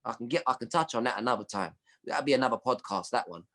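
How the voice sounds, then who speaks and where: A man with a London accent, a comedian chatting as a podcast guest and telling animated stories full of street slang. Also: medium pitch, quick pace. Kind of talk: casual chat.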